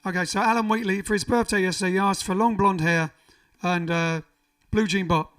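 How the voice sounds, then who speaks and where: Man, livestream host, high bright voice, chatty and rambling, a bit off-mic, faint music behind. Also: steady tone, fairly quick, distant mic. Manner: rambling, reads out viewer comments with asides. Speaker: band frontman and livestream host. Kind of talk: casual livestream chat between songs. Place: living room.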